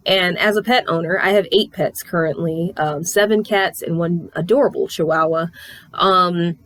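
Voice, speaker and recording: A woman reviewing a comic in casual chat, animated and swearing freely as she recaps the story. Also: lowish voice, moderate pace, dry recording.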